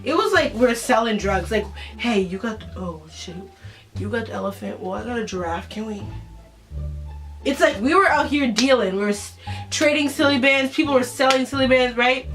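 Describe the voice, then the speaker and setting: High-voiced teen girl telling a story. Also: far from the mic. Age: teens. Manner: animated, dramatic retelling with acted-out quotes. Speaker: vlogger. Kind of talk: casual storytime.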